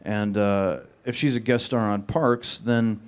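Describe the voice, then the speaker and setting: A man with a flat, monotone, deadpan delivery, answering audience questions on a panel. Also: on the low side, measured pace, clear, resonant tone.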